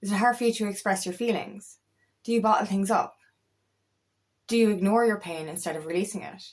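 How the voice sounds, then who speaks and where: An empowerment coach talks to camera in a casual, motivational way, her mid-range voice slightly fast with a darkish tone. She's chatty and emphatic, repeats phrases, and swears now and then.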